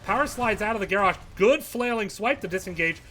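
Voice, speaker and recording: A man calls a live esports match in a high, ringing voice, steady and explanatory between plays and surging loud when the fight breaks out. His tone is bright and forceful. A faint hiss of noise sits under the audio. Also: brisk. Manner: excitable, rising to shouts at big plays. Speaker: esports caster. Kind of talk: live play-by-play commentary.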